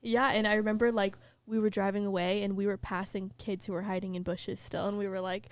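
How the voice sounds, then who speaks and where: A young woman hosts a podcast, animatedly telling a story in a casual chat peppered with "like" and mid-sentence laughter. She speaks fairly quickly at a medium pitch.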